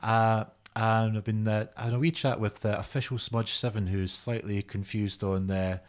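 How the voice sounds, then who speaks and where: Low-voiced stream host. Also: male voice, steady tone, normal speed, clear, resonant tone. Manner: hesitant, many "uh" fillers. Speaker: host of a live music stream. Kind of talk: casual live-stream hosting. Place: home studio.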